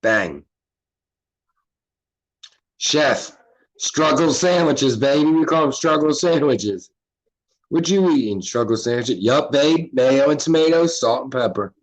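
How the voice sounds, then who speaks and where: Casting: relaxed Philly guy, loose and profane streaming chatter, mid-pitched voice. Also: takes it slowly, pauses often. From Philadelphia. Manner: laid-back, profane, reading chat aloud. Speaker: livestream host. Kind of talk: casual livestream chat.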